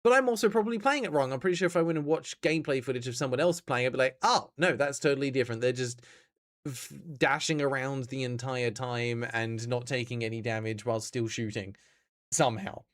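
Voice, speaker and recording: A man's voice: mid-range voice, steady tone, brisk. An Australian man streaming games, chatting casually and answering his chat as he plays.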